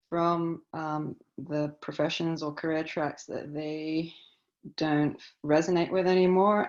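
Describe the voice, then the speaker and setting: A woman's voice: low-pitched, gravelly, darkish tone, highs cut off. A woman being coached, thinking aloud hesitantly and searching for her words. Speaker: coaching client. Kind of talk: coaching conversation.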